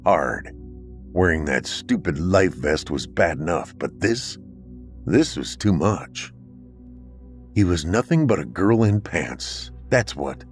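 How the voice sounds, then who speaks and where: A man narrating a horror story in a dramatic, expressive way. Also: low-pitched, slow pace, faint music behind.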